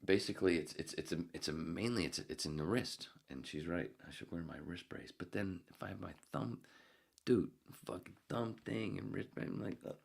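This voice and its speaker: This podcast host has a low, creaky voice with a breathy edge and speaks at a normal speed. Nursing a sore elbow, he rambles in a casual, profane, joking way, often slipping into muttered, whispered asides.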